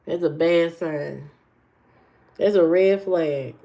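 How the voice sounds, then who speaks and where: Speaking slowly in a lowish, dark-toned voice, this livestream host gives her viewers blunt, opinionated dating advice. It's casual live chat in response to what they say, captured in muffled, lo-fi sound.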